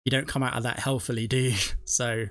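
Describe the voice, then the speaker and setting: A man's voice: medium pitch, flat delivery, brisk, fairly bright tone, no echo, studio quality. A man, the host of a reaction video, rambling chattily and laughing often. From not from the US. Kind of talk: casual chat.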